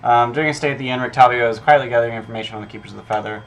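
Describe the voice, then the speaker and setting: A man's voice: medium pitch, very fast, fairly bright tone, a little hiss or hum. A man preparing a tabletop game session, reading his notes aloud in a casual, profane way, with lots of ums. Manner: filler-heavy, profane, thinking aloud. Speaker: game master prepping an adventure.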